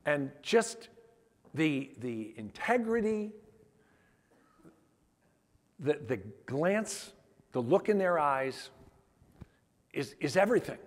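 A man's voice: fairly high pitch, sing-song, slow pace, pauses often. A man on stage at a conference, telling heartfelt stories in an emphatic storytelling style and acting out the quoted dialogue. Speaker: conference speaker. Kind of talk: storytelling keynote talk. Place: large conference hall. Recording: long hall reverb.

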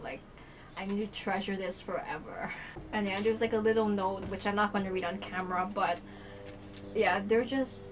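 A young woman vlogging an excited unboxing, gushing and breathless with lots of filler words, recorded at home on a camera mic. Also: mid-range voice, a little hiss or hum, low-quality recording. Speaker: YouTuber.

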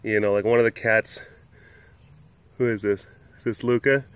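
A man's voice: fairly low pitch, steady tone, normal speed, clear, resonant tone, dry recording. A man hosting a vlog, chatting casually and playfully in a rambling way about animal care. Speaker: sanctuary keeper and vlog host.

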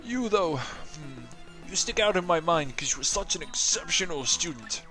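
A man's voice: on the high side, lively intonation, normal speed, bright, forceful tone, pitched above the performer's own voice. A man doing a blustery old goomba professor. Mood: pompous. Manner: blustery, theatrical. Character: loud, absent-minded old male goomba professor. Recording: faint game music behind.

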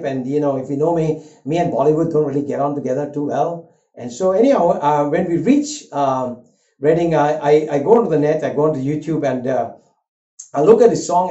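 An older man preaching a sermon, an earnest and animated storyteller who weaves a personal story into his message. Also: on the high side. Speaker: pastor. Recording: roomy, dull lo-fi sound.

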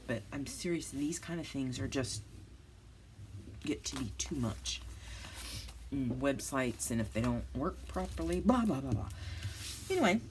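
A woman's voice: a bass voice, noisy background. A woman, telling a rambling, self-deprecating story as she crafts at home for her vlog. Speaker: crafting channel host. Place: home, with dogs nearby.

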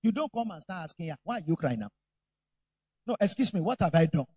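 A man's voice: on the high side, big pitch swings, fast talker, darkish tone, breathy edge. A man voicing a stern father who gives orders to his grown son. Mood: instructive. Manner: stern, commanding.

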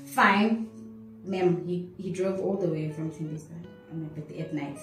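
A young woman with a South African accent, telling her personal story in an interview, animated and switching in and out of isiZulu. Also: on the low side, moderate pace. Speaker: interview guest. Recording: echoey room, voice from a distance, faint music.

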